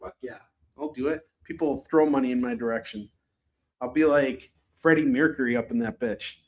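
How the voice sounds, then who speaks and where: A man's voice: medium pitch, a little fast, highs cut off. A man rambling and swearing casually while selling comics on a live stream. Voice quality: profane, rambling, joking.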